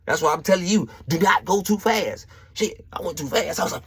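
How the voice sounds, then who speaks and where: A man's voice: high-pitched, fairly quick, heavy background noise. A man hosting a spiritual motivational podcast, preachy and slangy, talking straight to the listener. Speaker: podcast host.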